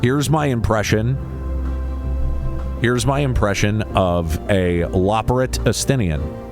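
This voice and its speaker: A man with a lowish voice chats slowly and casually while streaming a game, stammering into restarts and swearing casually. Game music plays in the background.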